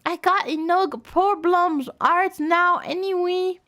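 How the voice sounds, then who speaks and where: A woman squeaking as a flustered young she-cat. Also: steady tone, takes it slowly, sharp tone, full character voice. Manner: high, overwrought fanfic delivery. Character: young female apprentice cat, dramatic and flustered.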